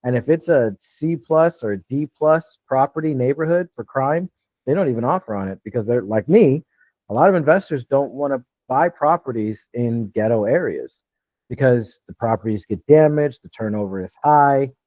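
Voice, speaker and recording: In a live online Q&A on real estate investing, a man in his fifties coaches in plain, casual terms, often checking in with "you know what I'm saying." He uses a lighter "customer service" voice than his usual one: medium pitch, animated, at a moderate pace. The recording is dry, with the highs cut off.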